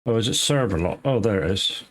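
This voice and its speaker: A man's voice: on the low side, animated, fairly quick. Rambling man streaming a game. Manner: rambling, swears casually, greets chat viewers by name. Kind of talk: casual live gameplay commentary.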